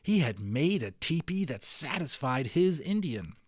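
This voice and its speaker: A man narrating a children's novel aloud in an expressive, dramatic storytelling style. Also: a little high, unhurried, dry recording, clean studio sound. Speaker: audiobook narrator.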